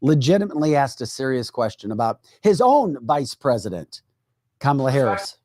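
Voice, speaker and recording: A man co-hosting a political podcast, talking in a sarcastic, animated way. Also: medium pitch, normal speed, no echo, clean studio sound. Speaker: podcast co-host. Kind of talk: casual political chat.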